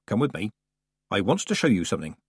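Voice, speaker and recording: A stern, sharp-tongued old witch woman, as a male reader puts her on, blunt and clipped in every word. Her voice is a touch husky and the reading is dry and close, with a lively rise and fall. She sounds like a storybook elder who expects to be obeyed. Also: lowish voice, quick pace, dry recording, exaggerated voice. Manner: blunt, clipped, matter-of-fact. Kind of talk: audiobook character reading.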